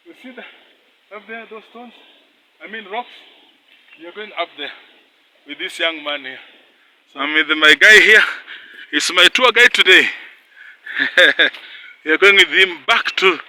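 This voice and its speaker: A man's voice: high voice, expressive, measured pace, pauses often, sharp tone, slight background noise, rough recording. A man making a casual travel vlog on a steep hillside, chatty, laughing often and out of breath from the climb. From Kenya. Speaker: travel vlogger.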